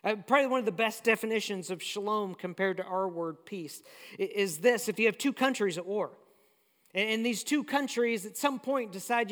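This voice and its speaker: Pastor giving a sermon, chatty storyteller, middle pitch, big echoey church hall. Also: moderate pace, fairly bright tone. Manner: conversational storytelling preacher. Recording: long hall reverb.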